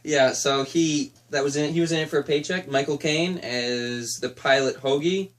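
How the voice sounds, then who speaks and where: A man's voice: fairly high pitch, normal speed. A man co-hosting a casual movie review chat, sarcastic and laughing often.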